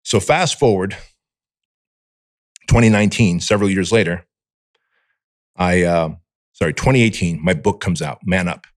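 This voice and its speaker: A podcast guest, a man from Armenia, talks candidly in a fairly low voice, blunt and full of cursing. He acts out the voice in his own head as he tells it. The sound is dry and close, with no room echo. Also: moderate pace, pauses often. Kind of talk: candid personal storytelling.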